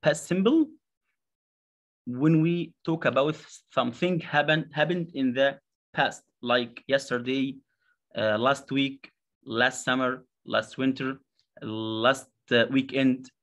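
A man with an Egyptian accent teaching an English lesson, halting with many fillers and repeated words as he drills pronunciation. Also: mid-range voice, fairly bright tone. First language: Arabic. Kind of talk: slow classroom explanation.

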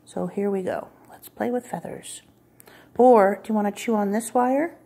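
Woman, cat sitter, baby-talk cooing, husky, gravelly, indoors, phone mic. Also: mid-range voice, moderate pace, warm tone. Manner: coos and baby-talks, sometimes dropping to whispers. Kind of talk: talking to a cat while filming. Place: client's home, indoors. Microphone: phone camera pointed at the floor.

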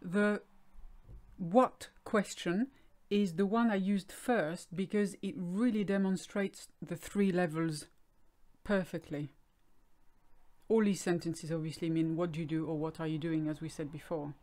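Lower-voiced French woman, native French speaker, explains slowly and clearly for an online class. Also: fairly even intonation, darkish tone. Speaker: French teacher. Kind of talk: online language lesson.

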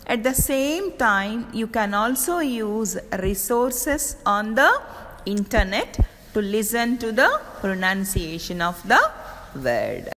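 A woman college teacher with an Indian English accent, slowly reading out word lists in a recorded lecture. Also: medium pitch, sing-song, a bit bright, long reverb tail, slight background noise, poor audio.

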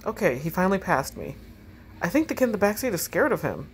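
A woman's voice: on the low side, big pitch swings, fast talker, slight background noise. A woman reading the texts of a frightened young woman driving alone at night, in short, tense bursts. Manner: reads text messages aloud in short, tense bursts.

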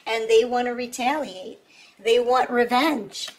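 A woman's voice: fairly high pitch, a little slow, poor audio. A woman giving a tarot reading in an intense, emphatic way, repeating herself and checking in with her listeners. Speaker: tarot reader. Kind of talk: casual tarot reading monologue.

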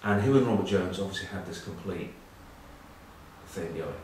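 A low-voiced man in his forties wanders through dressing-room anecdotes with dry, self-deprecating humour. He stumbles over ums and uhs as he talks. The sound is boomy and distant, with heavy room echo and a faint hiss of background noise. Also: moderate pace, darkish tone. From England. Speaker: former rugby captain presenting a web news piece. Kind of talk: casual anecdotal monologue.

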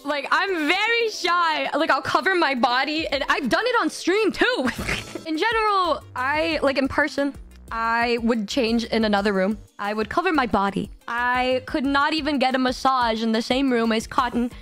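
High-voiced giggly woman streamer. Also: moderate pace, bright, forceful tone, soft background music. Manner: giggly, swears freely, stammers and repeats words. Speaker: vtuber streamer. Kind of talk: casual storytelling chat.

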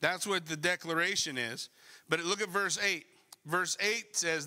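Bright-voiced preacher man in a reverberant church. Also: a little high, a little slow. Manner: animated, conversational preaching with rhetorical questions. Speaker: pastor. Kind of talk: sermon. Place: church sanctuary. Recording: long church hall reverb.

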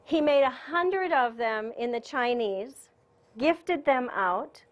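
A woman giving a spiritual lecture at a conference, telling a personal story in a chatty, animated way and laughing often. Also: high voice, slow pace. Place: conference room.

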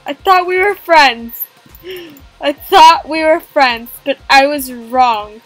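High-voiced excitable woman gamer. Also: slow, dry recording, faint music behind. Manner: excitable, gasping, jokey. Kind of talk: playful game commentary.

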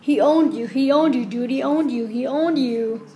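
A woman improvising a silly comic sports skit, rambling fast and squealing cheers. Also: sits high, dark tone. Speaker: comedy video maker.

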